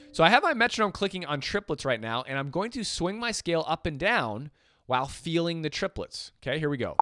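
A man's voice: on the high side, very animated, a little fast, loud music behind the voice. A man teaching jazz swing feel, explaining patiently and counting beats aloud. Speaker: music teacher. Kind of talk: instrument lesson.

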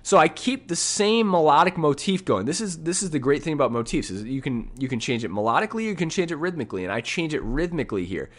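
Talking quickly with few pauses in an expressive, slightly high voice, a man teaches by dissecting his recorded piano solo. The casual music teacher scats rhythms and frequently asks "right?", while piano plays faintly beneath him.

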